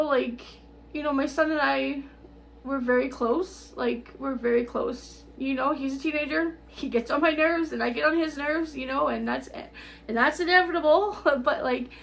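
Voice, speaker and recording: A middle-aged woman talking straight to camera in a tearful, rambling personal update, halting and repeating herself. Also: high voice, vocal fry, slight background noise. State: tearful, on the verge of crying. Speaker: vlogger.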